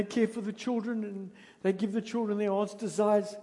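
A man's voice: sits high, flat delivery, normal speed, warm tone. A South African man, a pastor, preaching a sermon in a conversational way, with emphatic bursts as he tells a story. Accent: South African English. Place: church hall. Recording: long reverb of a church hall.

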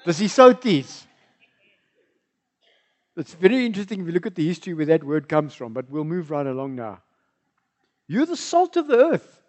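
South african pastor guy preaching in church, high lively voice, keeps asking the room questions. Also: a little fast. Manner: animated, engaging the congregation with questions. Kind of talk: bilingual sermon.

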